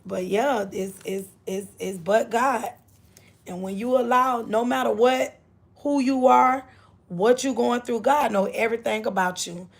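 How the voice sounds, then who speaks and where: A woman's voice: fairly high pitch, steady tone, unhurried, vocal fry. An older woman speaking gives an inspirational faith talk to her livestream viewers, repeating her phrases and greeting them by name. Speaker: livestream host.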